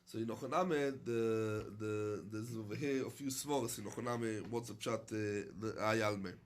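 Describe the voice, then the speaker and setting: A man's voice: lowish voice, steady tone, normal speed, slight background noise. Man teaching a Talmud class. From London. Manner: reads Aramaic phrases then explains in English, with many fillers. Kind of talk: Talmud class, reading and translating.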